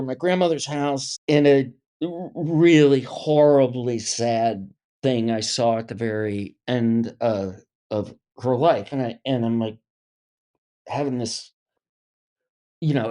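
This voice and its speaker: Middle-aged man, animated storyteller, mid-pitched voice, restarts and acted-out voices. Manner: lively anecdote teller, acts out quoted voices, many restarts. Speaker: actor guest.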